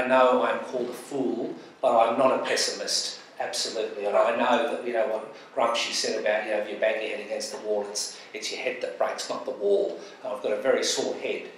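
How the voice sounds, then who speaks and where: A man with an Australian accent, a charity advocate, speaks on a public panel, telling stories in an impassioned, emphatic way and repeating phrases for force. His voice is on the low side and a bit bright. The recording is an echoey hall captured from far off, with faint noise.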